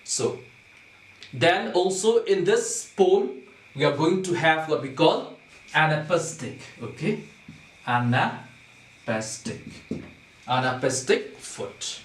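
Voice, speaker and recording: Explaining poetic meter step by step, this man teaches slowly and repetitively, often asking "okay?" to make sure students follow. His expressive voice is on the high side, recorded with a distant mic in an echoey room.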